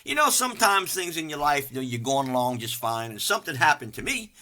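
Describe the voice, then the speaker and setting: Preaching fast in a slightly high voice, an older pastor gives a lively, folksy sermon full of self-mockery, lurching from loud outbursts to hushed asides.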